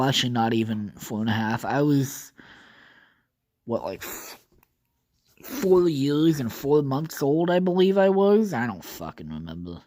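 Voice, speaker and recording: A man talks alone into his podcast mic in a loose, wandering monologue. His voice has a mellow, soft-edged tone. He swears freely and fills the gaps with "uh" and "like.". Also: medium pitch. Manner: rambling, casually profane, thinks aloud with fillers. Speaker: podcast host. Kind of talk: casual solo podcast monologue.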